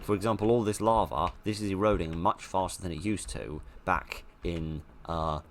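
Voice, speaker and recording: A man's voice: sits low, steady tone, normal speed, a little hiss or hum. A man giving casual gameplay commentary, chatty and self-deprecating, rambling as he plays. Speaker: let's play host.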